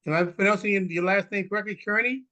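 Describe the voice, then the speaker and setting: High-voiced man hosting a video call. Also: bright, forceful tone. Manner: halting, with many fillers and restarts. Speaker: meeting host. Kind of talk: online meeting introductions.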